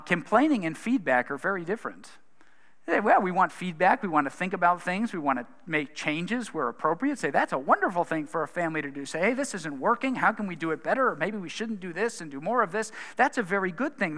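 A man's voice: a little high, pushed and bright. A male pastor preaching a sermon in an earnest, conversational way, asking his listeners questions. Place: church hall. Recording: long hall reverb.

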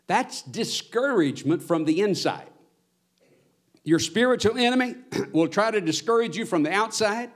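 A man preaching a sermon as pastor, earnest, his voice swelling on his exhortations. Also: high voice.

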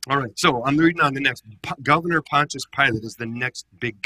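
A male pastor teaching a Bible study in an animated, conversational way, acting out the quotes he reads. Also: mid-range voice, fairly quick, breathy edge, no echo.

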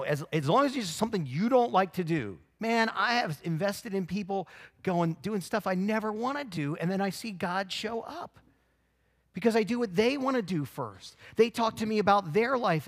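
Animated male pastor preaching a sermon. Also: sits high. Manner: animated storytelling, shifts from loud exclamations to quiet earnest emphasis.

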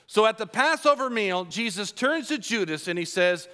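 Male preacher, animated sermon, folksy asides, bright tone, pitch a bit high. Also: moderate pace, few pauses.

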